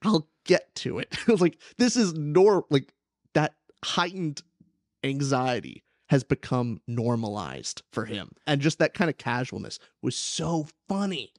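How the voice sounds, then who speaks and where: Young man, podcast host, animated, casual chat, dry close-mic sound. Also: medium pitch, a little slow, dry recording. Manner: animated, acts out quoted characters. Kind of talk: casual book discussion.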